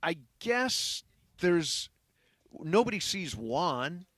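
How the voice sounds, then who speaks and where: A man's voice: fairly high pitch, very animated, drawn-out words, fairly bright tone, no echo, studio quality. A man hosting a sports talk radio show, chatting casually and rambling with plenty of fillers.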